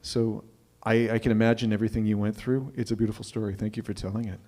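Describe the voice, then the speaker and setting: A man's voice: lowish voice, flat delivery, quick pace, warm tone. A man hosting a live open mic, thanking a storyteller and introducing the next one in a reflective way. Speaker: host.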